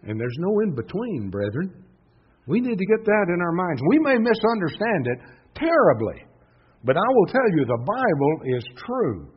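A man preaching a sermon in an emphatic style, swinging between loud stresses and hushed asides. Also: high-pitched, huge pitch swings, moderate pace, a little hiss or hum. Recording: dull lo-fi sound.

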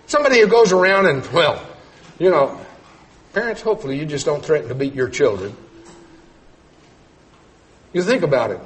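A middle-aged man preaching a sermon, telling folksy stories and swinging between loud emphatic points and quiet low asides. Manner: storytelling with folksy humor.

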